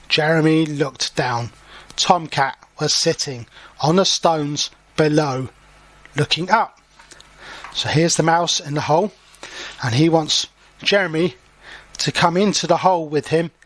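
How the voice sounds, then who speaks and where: Male teacher reading a picture book to learners; patient, slow, with dry close sound. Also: on the high side, a bit bright, dry recording. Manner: slow and clear, pausing to explain words. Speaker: English teacher. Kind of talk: storybook read-aloud for learners.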